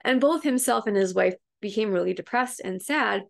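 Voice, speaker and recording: Chatty woman with a gravelly fry. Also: medium pitch, moderate pace. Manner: chatty and meandering, with fillers and restarts. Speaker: self-help coach and host. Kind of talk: casual retelling of a book story to an online group.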